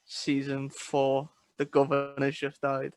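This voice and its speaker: A man's voice: mid-range voice, monotone, takes it slowly, no room sound. A young man co-hosting a podcast in casual chat, with dry joking remarks, close to the mic. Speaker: podcast co-host.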